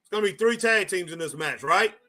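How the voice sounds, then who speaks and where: A man's voice: high voice, lively intonation, brisk, sharp tone. A man hosting a casual live stream, chatting loosely and repeating himself as he answers viewers. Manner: chatty, repeats phrases, talks to chat viewers. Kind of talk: casual live wrestling chat.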